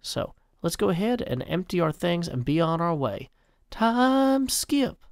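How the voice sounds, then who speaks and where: A man's voice: a little high, animated, normal speed, vocal fry, no echo, clean studio sound. A man in his forties giving casual, rambling, self-mocking gameplay commentary. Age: 40s. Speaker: game video host.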